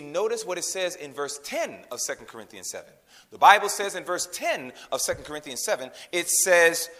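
A man preaching a sermon, quizzing his congregation with call-and-response questions and swinging from loud emphasis to hushed delivery. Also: sits high. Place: in a room with a congregation.

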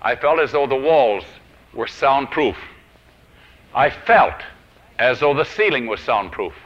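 Lively male preacher, muffled old tape. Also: medium pitch, unhurried. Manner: dramatic swings from loud to hushed. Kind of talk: sermon storytelling. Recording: dull lo-fi old recording.

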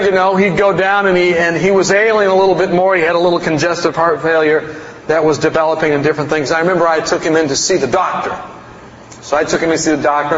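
A man's voice: sits high, a bit bright. A man preaching a storytelling sermon to a congregation, folksy and rambling, with self-mocking humor. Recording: roomy hall, dull sound, faint noise.

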